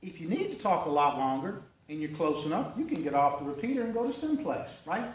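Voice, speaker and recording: Man presenter, high voice, folksy how-to talk to a club, caught from across an echoey room. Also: big pitch swings, fairly quick, slight background noise. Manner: folksy, conversational, checks in with "okay?" and "right?". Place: meeting room. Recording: echoey room recorded from far off.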